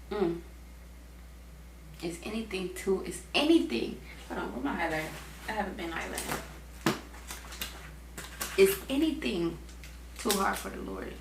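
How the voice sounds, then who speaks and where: A woman's voice: lowish voice, very animated, measured pace, long pauses. A young woman reads the Bible aloud casually, stopping for chatty, slangy asides as a Bible reading host. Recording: echoey room with faint background hum.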